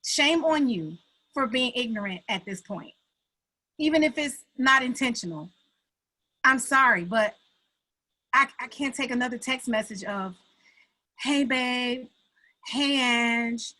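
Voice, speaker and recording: A woman speaking on a video call, blunt and exasperated, with emphatic, animated delivery. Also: on the high side, a little slow, long pauses, low-quality recording. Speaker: call participant, artist. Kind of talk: candid group video call.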